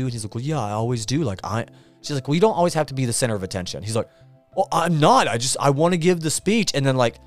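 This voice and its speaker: A man's voice: mid-range voice, clear, resonant tone. A man hosting a podcast, recapping a movie in a casual, rambling, amused way with many fillers. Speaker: podcast host.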